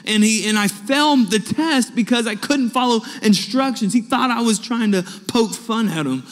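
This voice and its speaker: A young adult man preaching a sermon, telling personal stories and acting out the dialogue with lively energy. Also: extremely high pitch, normal speed. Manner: animated anecdotes with acted-out dialogue. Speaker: pastor. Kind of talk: storytelling sermon. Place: church sanctuary. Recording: long hall reverb.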